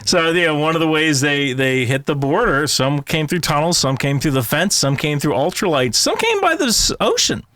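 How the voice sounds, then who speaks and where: Animated man with a lively voice. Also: fairly high pitch, moderate pace, hardly any pauses, no echo. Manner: animated, laughing, restarts a lot. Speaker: intelligence analyst guest. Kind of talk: casual podcast chat.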